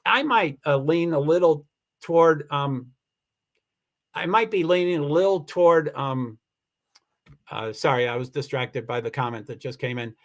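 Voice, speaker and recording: Man, livestream host, a touch higher-pitched, halting casual delivery, insistent streak. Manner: halting, many restarts, firm and insistent when annoyed. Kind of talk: casual livestream chat reading comments.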